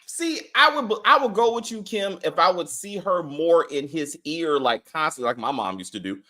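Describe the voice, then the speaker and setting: Man, casual review chat, animated, profane, mimics characters. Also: on the high side, normal speed. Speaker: show co-host reviewing a TV episode.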